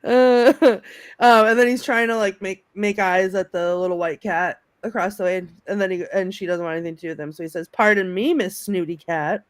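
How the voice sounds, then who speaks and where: A woman co-hosting a casual film chat over a video call, lively and laughing as she acts out favorite quotes. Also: medium pitch, a little fast, clear, resonant tone, no echo, studio quality. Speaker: podcast co-host.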